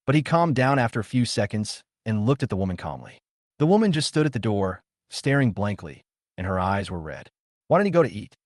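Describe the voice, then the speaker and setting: A man narrating a story recap in a plain, even reading. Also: fairly low pitch, fairly quick, no room sound, clean studio sound.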